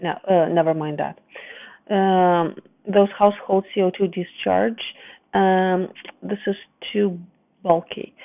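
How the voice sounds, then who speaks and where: A low-voiced woman tutor reads through a student's essay, pausing to fix words and explain each change. The sound is dry and narrow, like a phone line. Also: steady tone, creaky, no room sound. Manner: reads the text aloud, then stops to correct and explain. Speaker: English writing tutor. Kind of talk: essay correction lesson.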